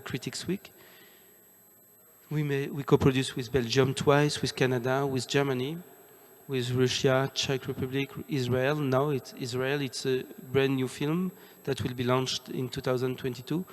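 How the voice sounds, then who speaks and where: A man speaks from a stage as a producer, listing things with frequent fillers. His delivery is flat and even, and a long hall reverb carries his voice. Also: mid-range voice, a little hiss or hum. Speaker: film producer. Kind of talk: stage presentation.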